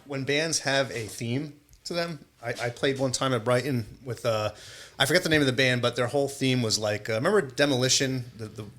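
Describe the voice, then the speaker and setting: A man with a New Jersey accent, a musician guest telling lively stories in a casual chat, mimicking other people's voices, in a podcast studio. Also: medium pitch, a little fast. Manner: animated storyteller, mimics voices, laughs.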